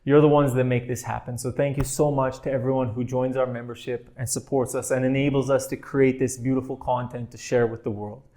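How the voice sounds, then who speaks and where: A man teaching a meditation class in a gentle, playful way, often laughing softly as he explains. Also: medium pitch, level tone, a little fast, hardly any pauses.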